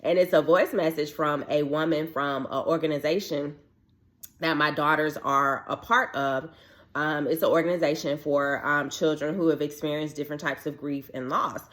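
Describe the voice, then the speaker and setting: Low-pitched woman chatting through a heartfelt testimony, acts out the people she quotes. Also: fairly even intonation, normal speed, a bit bright. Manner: chatty, filler-heavy, acts out quoted dialogue; earnest and heartfelt. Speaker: widowed mother sharing a faith testimony. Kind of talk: casual personal testimony.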